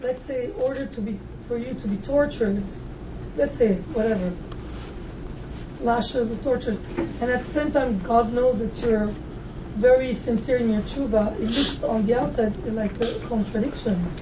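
A woman asks probing, thoughtful questions, her voice fairly high. She sounds far from the mic, with a dull lo-fi sound and clear background noise. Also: moderate pace, roomy sound. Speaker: student asking questions. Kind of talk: questioning in conversation.

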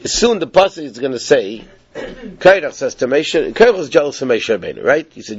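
A man teaching a Torah class, telling the story in a lively, animated way, with frequent restarts. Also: mid-range voice, normal speed, lo-fi sound.

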